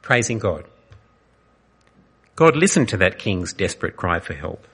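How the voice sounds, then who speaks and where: A male pastor preaching an earnest sermon, dramatic and full of pauses. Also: low-pitched, sing-song, fairly bright tone, breathy edge. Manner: earnest, dramatic, pausing often.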